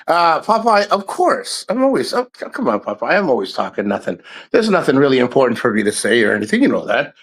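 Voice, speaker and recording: A man's voice: on the high side, big pitch swings, fast talker, fairly bright tone, breathy edge, low-quality recording. Rambling, foul-mouthed man hosting a stream. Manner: rambling, profane, jokey. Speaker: livestream host. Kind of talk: casual livestream chat.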